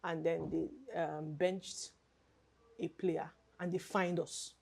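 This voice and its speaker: A woman's voice: sits low, level tone, slow pace, vocal fry, darkish tone, breathy edge. A woman in her twenties from Nigeria, co-hosting a casual podcast chat and telling rambling stories with frequent laughs and self-corrections. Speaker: podcast co-host.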